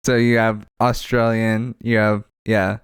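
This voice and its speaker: A man's voice: on the low side, flat delivery, a little slow, smooth, no echo, studio quality. A man co-hosting a podcast in casual chat, cracking jokes. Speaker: podcast co-host.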